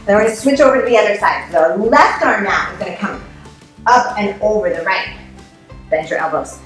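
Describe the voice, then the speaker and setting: A woman's voice: medium pitch, animated, brisk, reverberant, faint music behind. A woman teaching a family yoga class, upbeat and playful, making animal sounds as she guides poses.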